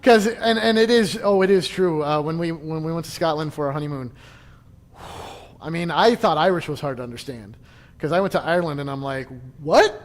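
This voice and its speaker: Man, church history class leader, casual joking talk, somewhat high voice, lots of restarts. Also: fairly quick, in a large hall. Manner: chatty, joking, frequent restarts and laughs.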